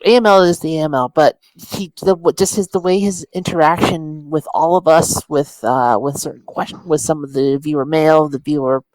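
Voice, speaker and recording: A man co-hosting a podcast in casual chat, speaking haltingly and searching for words. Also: on the high side, steady tone, darkish tone, no echo, poor audio. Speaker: podcast co-host.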